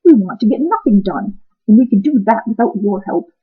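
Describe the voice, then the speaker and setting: A woman voicing sleepy, lazy townsfolk in a storybook reading, speaking in a drowsy, unhurried way with a husky voice. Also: fairly high pitch, big pitch swings, full character voice. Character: lazy sleepy dawdling town folk. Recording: tinny phone-like sound.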